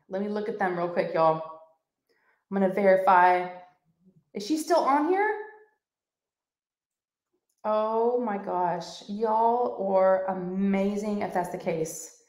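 A woman hosting a casual crafting livestream from home, reading comments aloud in a gushing, excitable way. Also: medium pitch, takes it slowly, long pauses. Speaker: livestream host of a crafting channel.

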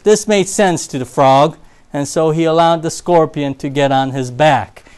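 Church sermon guy, kinda high voice, loud then soft storytelling. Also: unhurried, clear, resonant tone. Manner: storytelling, swings from loud emphasis to quiet low asides. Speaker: preacher.

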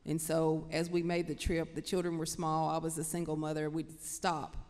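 A woman with a Kentucky accent, moderating a writers' panel and talking in a relaxed, conversational way with quick asides. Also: sits low. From Casey County, Kentucky. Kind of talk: panel discussion. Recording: reverberant lecture hall.

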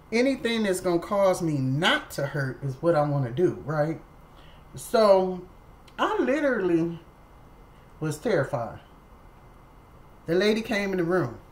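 At home, a woman vlogger tells a casual story straight to the camera, chatty and repetitive, calling her viewers y'all. Her voice is low and the recording is rough.

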